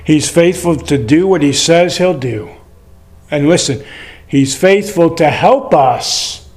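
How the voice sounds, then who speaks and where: Slow, high-voiced older preacher. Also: male voice, lively intonation, a little mellow, echoey room. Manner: folksy storytelling preacher. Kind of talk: sermon.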